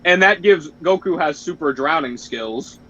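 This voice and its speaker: A man's voice: a little high, lively intonation, moderate pace, bright, forceful tone. A young man streaming, talking casually and animatedly, cursing and laughing as he retells scenes. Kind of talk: casual chat. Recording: dull lo-fi stream audio.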